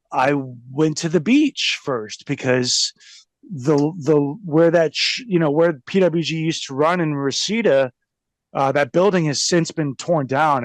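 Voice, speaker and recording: A former pro wrestler, appearing as an interview guest, rambles through casual stories, laughing often and mocking things. His voice is fairly high-pitched, with no room sound.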